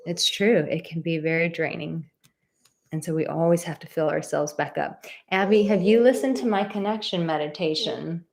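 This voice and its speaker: A young adult woman with a somewhat low voice hosts a live advice chat. She reads viewer comments aloud and answers each one in an encouraging, direct way. She often repeats a word for emphasis. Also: a little mellow. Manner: coos in a high baby voice to her dog. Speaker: advice show host.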